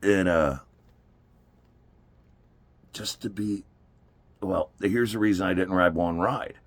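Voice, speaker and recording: It's a casual story about bringing his daughter to an amusement park, told by a man with a low-pitched voice who takes it slowly. He's animated, laughs a lot, and acts out people's lines, with no room sound in the recording.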